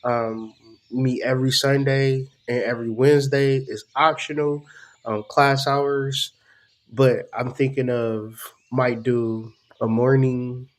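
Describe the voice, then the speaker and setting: A man's voice: medium pitch, steady tone, takes it slowly. A man hosting his own channel as a spiritual teacher, ranting casually in slang and swearing freely.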